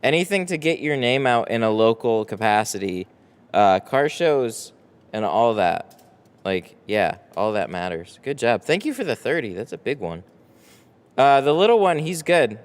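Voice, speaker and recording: A man's voice: mid-range voice, lively intonation, moderate pace, clear, resonant tone. A man running a casual live stream from his tint shop, reading chat aloud, tired and rambling with casual swearing. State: tired, no coffee.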